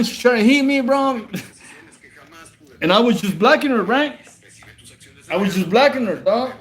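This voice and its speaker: A man from Southern California, chatting casually and profanely with his livestream viewers while eating at home, calling them bro and homie. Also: very high-pitched. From Whittier, Southern California. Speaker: livestream host. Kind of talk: late-night casual livestream chat.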